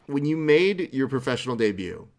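A man's voice: medium pitch, sing-song, normal speed, darkish tone. A man interviewing a fighter, asking questions in a supportive, conversational way. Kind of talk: casual interview.

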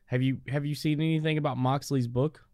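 A man's voice: medium pitch, fairly even intonation, fairly quick, mellow, no room sound. A man with a mid-range voice chats casually and gives firm opinions. He often restarts his sentences as he goes. The sound is close and dry. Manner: opinionated, stumbles over restarts. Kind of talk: casual chat.

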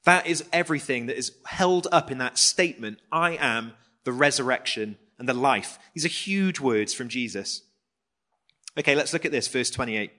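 A man's voice: mid-range voice, expressive, moderate pace, bright, forceful tone. A man giving a conversational Bible study sermon, reading scripture and then explaining it casually with questions to the audience. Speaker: preacher.

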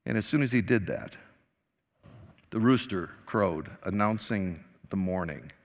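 A male pastor preaching a sermon, telling a story with lively acted-out quotes. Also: low-pitched, measured pace. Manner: animated storytelling, acting out quoted lines. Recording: long hall reverb.

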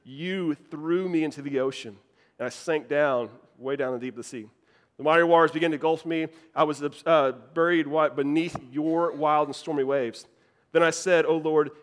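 A man preaching a sermon, getting animated and emphatic, repeating key phrases as he builds up his points. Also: a little high. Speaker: pastor.

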